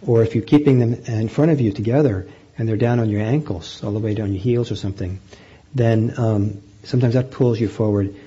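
A man teaching meditation, guiding a group in a gentle, unhurried way with frequent pauses and fillers. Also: lowish voice, husky, lo-fi sound. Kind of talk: guided meditation instruction.

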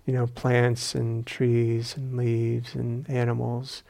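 A male meditation teacher giving a dharma talk in a retreat hall, reflective and unhurried with gentle humor. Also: medium pitch, completely flat delivery, gravelly.

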